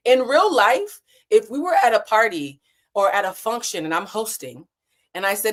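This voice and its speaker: A woman in her thirties hosting a casual livestream from a hotel room. She talks in a candid, animated way and swears freely. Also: a little high, moderate pace. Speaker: livestream host.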